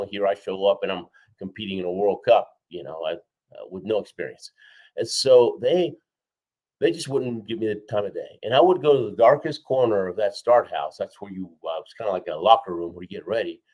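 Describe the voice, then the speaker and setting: A man with a fairly low voice tells a story as a guest in an interview. He is energetic and lively, acting out quoted people and checking in with "right?" and "okay?". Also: a little fast, low-quality recording. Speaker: guest, four-time Olympian and keynote speaker. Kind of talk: animated storytelling in a podcast interview.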